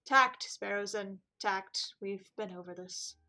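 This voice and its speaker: Brief: a woman voicing a calm, measured falcon lawyer in a game, bright voice. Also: mid-range voice, soft background music, exaggerated voice. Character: composed male falcon defense attorney.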